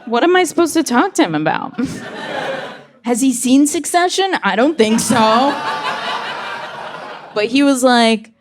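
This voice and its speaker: Young woman doing deadpan stand-up. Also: high voice. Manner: deadpan punchlines, acts out characters in quick voices. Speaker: stand-up comedian. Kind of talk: stand-up comedy set. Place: comedy club stage before a live audience.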